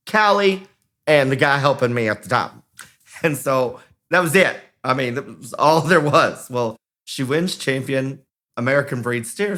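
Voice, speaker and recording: Animated, bright-voiced storytelling man. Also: mid-range voice. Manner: animated, acts out quoted voices, laughs while telling. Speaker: podcast co-host. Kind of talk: casual storytelling.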